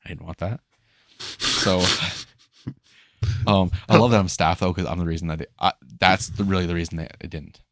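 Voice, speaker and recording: A man's voice: low-pitched, fairly even intonation, normal speed, long pauses, a bit bright, a little hiss or hum. A young man co-hosting a podcast, animatedly retelling a story in casual chat, acting out others' lines and swearing freely. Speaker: podcast co-host.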